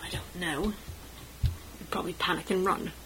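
A woman voicing a small, sly and nervous male creature who sneers and drops into hushed asides. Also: lowish voice, steady tone, normal speed, a little hiss or hum, low-quality recording. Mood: sneering.

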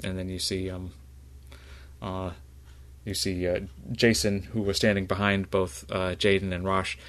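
A man narrating a tabletop game as game master, in a halting way full of fillers. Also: low-pitched, flat delivery, fairly bright tone.

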